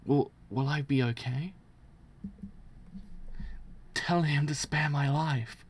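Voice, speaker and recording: A man's voice: a little high, takes it slowly, slightly rough. A man voicing a wounded male guard, groaning and pleading for his life while reading a manga aloud.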